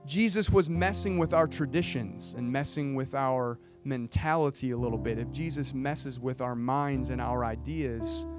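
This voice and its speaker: Earnest pastor preaching over soft guitar. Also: male voice, medium pitch. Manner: earnest, building to emphatic. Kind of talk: sermon. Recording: guitar music playing behind. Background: guitar music.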